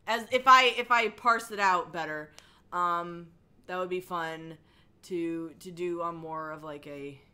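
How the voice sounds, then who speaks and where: A young woman hosting a casual livestream from her couch at home, rambling and halting as she chats and answers her viewers. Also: on the low side, bright, forceful tone, clear, resonant tone. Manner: rambling, halting, with frequent ums and likes. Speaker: livestream host. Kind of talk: casual chat reading chat messages. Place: home living room, on a couch.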